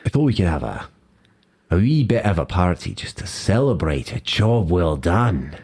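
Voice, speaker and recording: A man voicing a menacing male Scottish crime boss in a tabletop game, with a put-on Scottish accent and soft, threatening whispers. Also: low voice, big pitch swings, moderate pace, slightly rough, heavily acted. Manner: softly menacing, drops into whispers. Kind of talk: tabletop role-play character voice.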